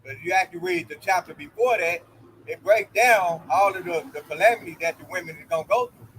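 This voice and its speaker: A man's voice: high-pitched, fairly bright tone, slight background noise, poor audio. Emphatic man in religious discussion. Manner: emphatic, quick agreeing interjections. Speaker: discussion participant.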